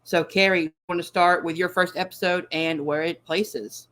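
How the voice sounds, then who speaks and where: A man's voice: high voice, fairly even intonation, normal speed, bright, forceful tone. A man hosting a casual chat show, upbeat and eager, with frequent fillers. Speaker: podcast host.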